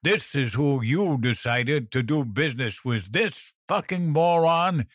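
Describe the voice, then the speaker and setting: A man's voice: medium pitch, animated, a little slow, a bit bright, no room sound, studio quality, pitched above the performer's own voice. A man voicing a brutal, threatening male crime boss who roars and growls. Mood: menacing.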